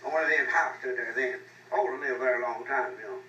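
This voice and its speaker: A man's voice: mid-range voice, brisk, sharp tone, highs cut off. An older man, telling rambling folksy stories in a loose, drawling way. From Arkansas. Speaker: storyteller. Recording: echoey, mic far off, faint noise.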